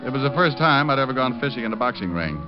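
A wisecracking private eye, played by a man, with a lively voice that swings up and down, full of dry, sarcastic quips. It comes through a dull, lo-fi old radio recording with music playing behind him. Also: medium pitch, very fast, natural voice. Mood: wry. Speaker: narrator and lead. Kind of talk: 1950s radio drama acting.

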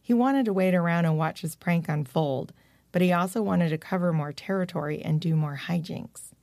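A woman narrating a children's story in a gentle, expressive reading voice. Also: on the low side, moderate pace, gravelly, dry recording. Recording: dry close-mic recording.

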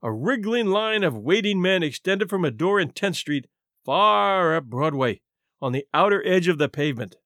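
A man's voice: high voice, animated, fairly bright tone, dry recording, studio quality. A man narrating a classic short story as host of a story podcast. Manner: measured storytelling.

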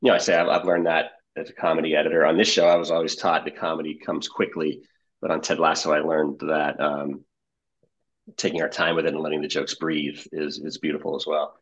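A man's voice: extremely low pitch, little pitch movement, a little fast, muffled recording. A man, a comedy editor, telling behind-the-scenes stories in a casual interview and laughing often.

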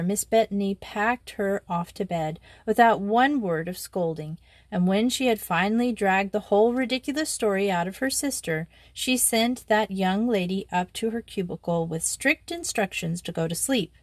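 A woman reading a children's storybook aloud in a measured, even way. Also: medium pitch, no echo. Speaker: audiobook reader. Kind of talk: scripted storybook narration.

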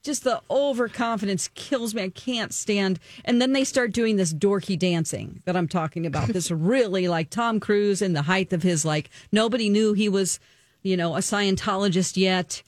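A woman's voice: medium pitch, moderate pace, no room sound. Woman retelling a movie plot, chatty, lots of ums, pretty dry close sound. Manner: chatty and animated, lots of ums, acts out the characters. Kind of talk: casual movie recap chat.

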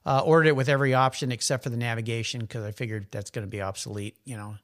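Middle-aged male guest, animated storyteller, mid-range voice. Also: mid-range voice, racing. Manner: animated, chatty, rambling anecdotes. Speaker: guest, car enthusiast. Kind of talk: casual conversational storytelling.

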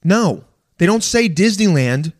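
A man delivering an animated, profane rant in a casual monologue, stammering and restarting often. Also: a little high, normal speed. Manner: profane, exasperated, animated ranting.

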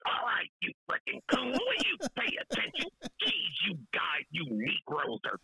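A woman putting on an angry man yelling down a phone, impatient and insulting. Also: lowish voice, wildly swooping pitch, normal speed, breathy edge, dry recording, pitched below the performer's own voice, full character voice, poor audio.

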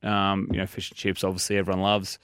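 A man's voice: sits low, completely flat delivery, fast, fairly bright tone, smooth, dry recording, studio quality. A young Australian man chatting casually, rambling and joking with lots of fillers. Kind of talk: casual chat.

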